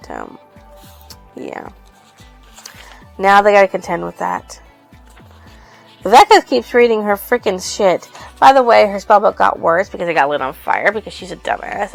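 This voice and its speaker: A woman's voice: mid-range voice, vocal fry, low-quality recording. A woman casually recapping a book's plot, rambling and swearing freely. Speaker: book reviewer.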